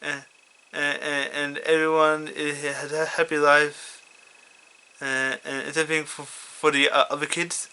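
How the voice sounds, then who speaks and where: A man's voice: a little high, flat delivery, measured pace, sharp tone, clear, resonant tone. Stammering man retelling his fanfiction. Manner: stammering, many restarts and fillers. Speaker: fanfiction reader.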